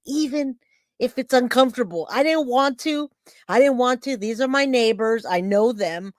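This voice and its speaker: A middle-aged woman hosting a true crime livestream, chatting casually and telling a story with lively acted-out quotes. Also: on the high side, normal speed, no echo, clean studio sound. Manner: chatty, animated storytelling, acts out quoted voices.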